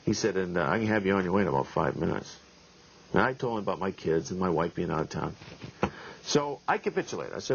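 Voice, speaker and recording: A man's voice: sits low, lively intonation, fast talker, gravelly, slight background noise. A middle-aged man, a pastor, telling a story in a wry, folksy sermon style, chuckling often. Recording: lo-fi 1990s video tape.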